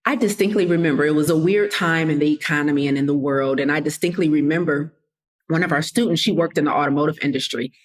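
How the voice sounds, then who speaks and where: A woman's voice: deep voice, quick pace. A woman hosting a casual motivational podcast, talking straight to her listeners and acting out what people said. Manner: conversational, addresses listeners as y'all, drops into quoted voices. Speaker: podcast host and coach.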